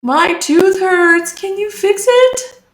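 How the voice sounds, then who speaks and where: A sorry little T-rex with a toothache whines for help in a squeaky, pleading voice, as a woman puts it on. The sound carries a roomy echo. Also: animated, slow, full character voice. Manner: high whiny pleading. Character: sad toothache-stricken T-rex, plaintive and small-voiced.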